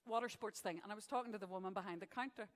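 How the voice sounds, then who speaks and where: On an event venue stage, a woman emcees a live awards show, trading jokes with the audience between announcements in a stand-up style. Her pitch is medium and she talks very fast, and the audio carries a big-room sound. The banter is chatty, with gags built around punchlines.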